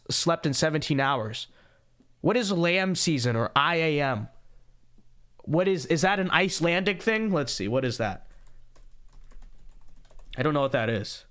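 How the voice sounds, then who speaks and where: Tired but talkative, a young man hosts a podcast livestream, casually chatting and reading super chats while making sarcastic jokes and repeating catchphrases. He has a high voice with a sharp tone.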